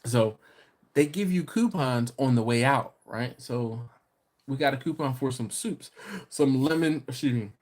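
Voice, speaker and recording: A man hosting a relaxed live stream from his living room. He tells stories in an animated way and laughs often, with his voice at a middle pitch. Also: unhurried. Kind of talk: casual live-stream chat.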